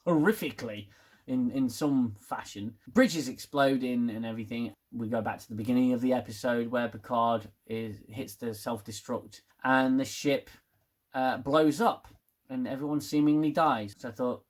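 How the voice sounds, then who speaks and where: A man's voice: mid-range voice, normal speed. Rambling man reviewing TV. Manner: rambling, swears, gets worked up. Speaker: TV review vlogger. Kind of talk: casual spoken review.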